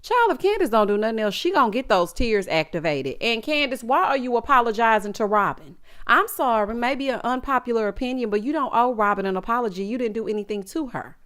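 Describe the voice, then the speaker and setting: A woman's voice: on the high side, lively intonation, brisk, hardly any pauses, a bit bright. A woman giving a sassy, gossipy recap of a reality show in casual chat, calling her viewers "honey" and "child.".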